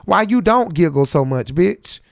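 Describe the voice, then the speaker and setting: A man's voice: fairly high pitch, lively intonation, a little slow, gravelly, a little hiss or hum. A man hosting a reaction show, giving blunt, profane, heated commentary. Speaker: host.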